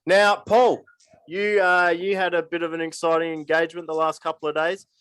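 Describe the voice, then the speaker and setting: Higher-voiced man hosting. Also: little pitch movement, normal speed, fairly bright tone, clear, resonant tone, no room sound. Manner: friendly, runs the segments. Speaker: podcast host. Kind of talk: casual podcast chat.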